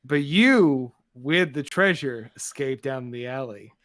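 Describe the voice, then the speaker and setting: A man narrating as game master of a tabletop game, casual and quick with many fillers. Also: mid-range voice, lively intonation, a bit bright.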